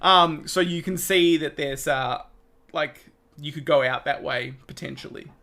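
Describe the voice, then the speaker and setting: A man's voice: fairly high pitch, a little slow, creaky, pushed and bright. A man running a tabletop game as game master, narrating loosely with lots of fillers and frequent laughter.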